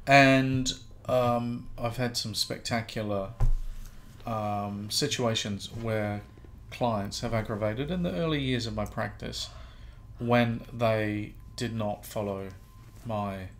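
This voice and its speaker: A man co-hosting a podcast, speaking hesitantly with many pauses and restarts. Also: on the low side, a bit bright, slight background noise. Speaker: podcast co-host, practitioner. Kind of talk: casual podcast discussion.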